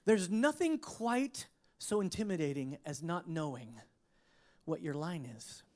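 A preacher giving a sermon, telling a personal story in an expressive way, laughing along and often restarting sentences. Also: medium pitch, a little slow.

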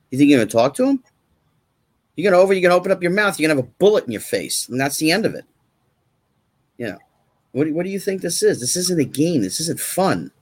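A man with a husky voice talks as a guest in a casual chat. His pitch moves a lot as he presses his points with repeated rhetorical questions. He sounds emphatic and insistent.

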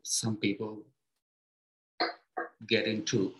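A man giving a spiritual talk to his students as their teacher, speaking gently in short, unhurried phrases with pauses and simple everyday comparisons. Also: fairly low pitch, completely flat delivery, low-quality recording.

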